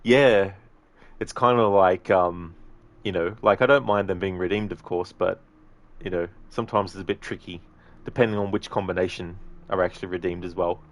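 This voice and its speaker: A man's voice: deep voice, normal speed. A man streaming a video game, chatting casually and reading out chat messages. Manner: relaxed, rambling, reads chat aloud.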